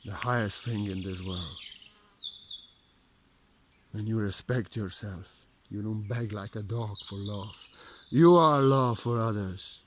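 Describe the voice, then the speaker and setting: A man giving a spiritual teaching in earnest, repetitive phrasing, swinging between hushed stretches and forceful emphasis, with non-native grammar. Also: fairly low pitch, slight background noise.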